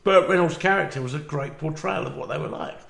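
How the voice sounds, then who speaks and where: A man's voice: a little high, creaky, a bit bright. A man co-hosting a podcast in casual, swearing banter, recorded in an echoey room with faint background noise. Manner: swearing, quick back-and-forth. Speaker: podcast co-host.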